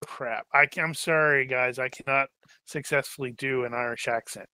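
Bright-voiced rambling game master, a man. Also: medium pitch, fairly even intonation, normal speed, smooth, no echo. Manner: rambling, joking, trails off searching for names. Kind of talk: casual chat while planning a tabletop game.

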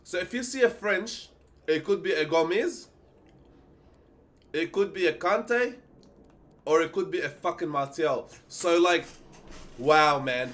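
A young man streaming live, chatting casually and excitedly as he opens game packs, swearing freely and pleading for good luck. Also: a little high, slight background noise.

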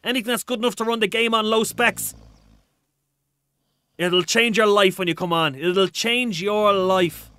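A man's voice: high voice, normal speed, pauses often, pushed and bright, clean tone, no room sound. An Irish man chatting casually while streaming a game, reading out viewer comments in a rambling, restart-prone way.

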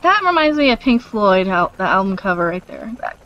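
A woman's voice: mid-range voice, big pitch swings, fairly quick, dull audio, a little hiss or hum. A woman in her thirties chatting and giggling while watching a game, giving blunt opinions. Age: 30s. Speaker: co-commentator. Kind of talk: casual chat over gameplay.

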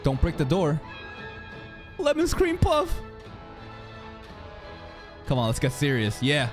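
An anime reaction channel host giving casual, excitable commentary, swearing often and laughing a lot. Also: mid-range voice, takes it slowly, pauses often, soft background music.

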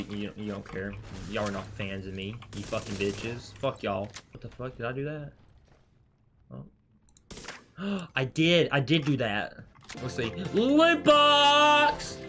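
A young man swearing and ranting as he comments on the game he is playing. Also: medium pitch. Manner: swears constantly, rants at the game. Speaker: gaming streamer. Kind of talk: casual gameplay commentary.

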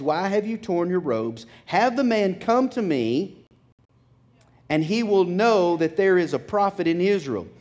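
A man with a high-pitched voice preaches in a church. He reads scripture aloud and voices the figures in the story, building in intensity as he drives his point home. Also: a little mellow. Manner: preaching with rising intensity, acting out biblical speech. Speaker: pastor. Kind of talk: sermon.

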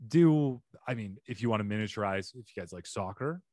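Fairly quick and lowish, a man's voice is recorded in a clean studio with no room sound. He runs a comedy advice podcast, chatting casually, offering advice, and closing with animated, cheerful sign-off patter.

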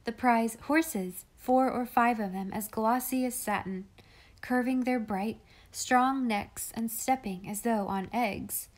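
A woman's voice: on the high side, slow. Woman reading a children's classic aloud. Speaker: audiobook reader. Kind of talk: scripted narration of a classic children's novel.

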